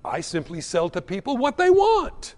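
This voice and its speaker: A suave, scheming shopkeeper, as a preacher acts him out, all smooth salesman patter. His voice sits high and moves with lively swings. A long hall echo trails each line. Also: moderate pace. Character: smooth, scheming male religion-store seller.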